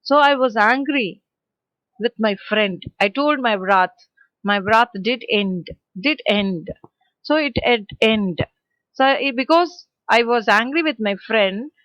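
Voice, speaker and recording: A woman's voice: on the high side, fairly bright tone, no room sound, poor audio. A woman with an Indian English accent teaching a poem to school children, explaining line by line, repeating verses and asking rhetorical questions. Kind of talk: poetry lesson for school children.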